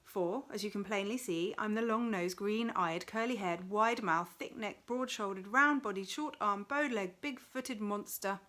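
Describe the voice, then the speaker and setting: A woman's voice: medium pitch, moderate pace, hardly any pauses, fairly bright tone, close to an everyday voice. A woman voicing a gleeful male monster who mocks the heroes and gives bad advice on purpose. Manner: gleeful, mocking.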